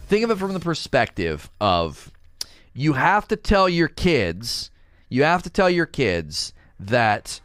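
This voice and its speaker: A young man with a fairly high voice rants indignantly on a livestream, casual and animated. Now and then he mocks others by putting on quoted voices.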